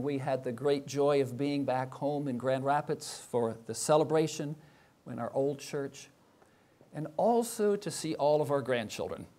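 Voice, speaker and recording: A man's voice: mid-range voice, mellow. An older man, a professor, giving a reflective sermon full of rhetorical questions. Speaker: professor and chapel speaker.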